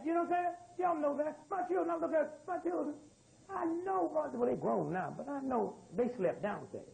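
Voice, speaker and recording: An older man from the United States holds forth before a live audience in a teasing, streetwise manner. His voice sits high and swoops widely between phrases. The tone underneath stays mellow rather than bright. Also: animated, fast, vocal fry, poor audio. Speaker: speaker addressing a live audience. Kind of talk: humorous lecture to a crowd.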